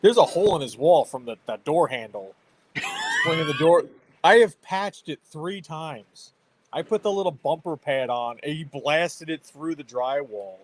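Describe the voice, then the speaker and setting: A man's voice: fairly high pitch, expressive, moderate pace, a little hiss or hum, rough recording. A man in his thirties hosting a stream, chatting casually about parenting and laughing often. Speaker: livestream host. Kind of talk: casual chat.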